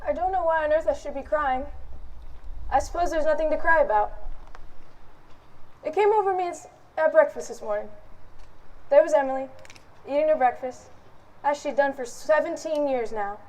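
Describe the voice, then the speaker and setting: A woman's voice: sits high, moderate pace, pauses often, darkish tone, far from the mic, close to an everyday voice, low-quality recording. A woman playing a fretful mother of the bride. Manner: fretful, confiding monologue. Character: tearful mother of the bride, middle-aged. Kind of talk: stage play acting.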